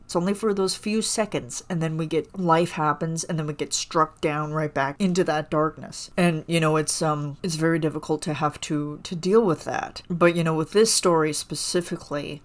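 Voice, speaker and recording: A woman's voice: deep voice, steady tone, moderate pace, few pauses. A woman hosting a solo podcast, gushing about a song in a rambling, casual way full of fillers. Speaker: podcast host reacting to a song.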